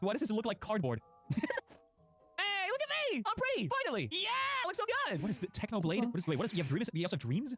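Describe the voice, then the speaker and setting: A man giving excitable gameplay commentary, exclaiming and laughing often. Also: high voice, slightly rough. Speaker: gaming video creator. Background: background music.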